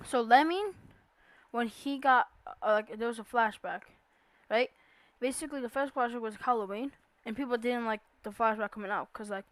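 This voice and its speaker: A woman's voice: a little high, no room sound. A young woman giving a casual voice-over about a video game, rambling with lots of fillers and restarts. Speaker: YouTuber explaining a game iceberg.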